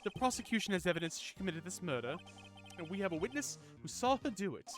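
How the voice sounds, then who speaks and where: A man's voice: high-pitched, big pitch swings, fast talker, a bit bright, faint music behind, voice pushed up. A man voicing a haughty young male prosecutor in a put-on British accent, reading game lines on a stream. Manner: haughty, formal, clipped.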